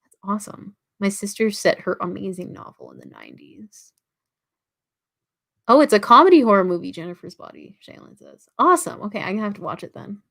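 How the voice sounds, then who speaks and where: A woman's voice: medium pitch, lively intonation, a little fast, creaky, a bit bright. Young Canadian woman chatting on a livestream. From Toronto, Canada. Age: about 19. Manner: chatty, many fillers and likes, reads chat comments aloud. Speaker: writing livestream host. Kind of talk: casual livestream chat reading comments.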